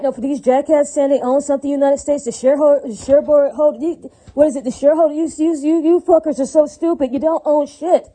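In a rough recording, a woman with a high, warm voice goes off on an unplanned solo rant. She curses freely, repeats herself, and keeps asking listeners "right?" and "does that make sense?"

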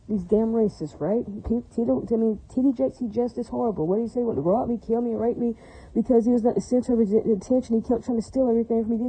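A woman's voice: on the high side, dark tone, slightly rough, no echo, rough recording. A woman addressing her viewers in a long, angry, rambling rant, repeating herself and often asking if it makes sense. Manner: ranting, repetitive, keeps asking "does that make sense". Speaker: vlogger.

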